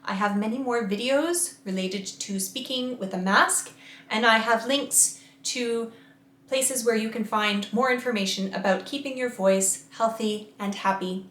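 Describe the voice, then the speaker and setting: A woman voice coach leads a guided vocal warm-up, giving slow, carefully enunciated instructions and demonstrating each exercise. Her voice is a little high, and the room is echoey.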